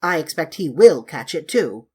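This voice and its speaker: A pert young housemaid, sly and a little bossy, talking briskly, as a woman reader plays her. The tone is husky and breathy. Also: low voice, sing-song, exaggerated voice.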